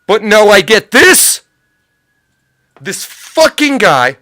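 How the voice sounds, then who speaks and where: A man's voice: high voice, big pitch swings, slow pace, pushed and bright, no echo. A man hosting a livestream, ranting in a profane, sarcastic, rambling way. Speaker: livestream host. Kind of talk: unscripted livestream rant.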